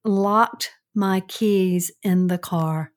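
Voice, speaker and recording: Slow-talking woman in her sixties. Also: medium pitch. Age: 60s. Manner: laughs often, storytelling. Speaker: podcast co-host. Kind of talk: casual podcast chat. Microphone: remote call-in from another state.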